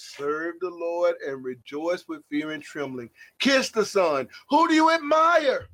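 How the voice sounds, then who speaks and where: A man preaching a sermon, shouting some lines and dropping others to a hush, calling out to listeners by name. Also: high voice, big pitch swings, unhurried, few pauses. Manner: shouting emphatic lines, swinging between loud and hushed.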